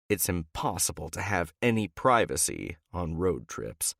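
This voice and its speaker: A man narrating a romance audiobook in first person with an expressive, dramatic delivery. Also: deep voice, a little slow, vocal fry, few pauses, no echo, clean studio sound.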